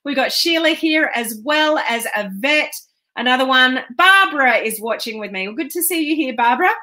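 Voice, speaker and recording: A woman coach chats casually on a live stream, rambling along with plenty of ums. Her voice sits a little high and rings out bright and forward. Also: animated, normal speed. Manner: chatty and rambling, with frequent ums.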